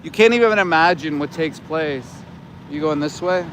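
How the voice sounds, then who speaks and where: Outdoors by a road, this middle-aged livestreamer and animal rights activist comments bluntly, swearing and sounding indignant. He speaks at a moderate pace in a high-ish, fairly bright voice, with a little hiss or hum.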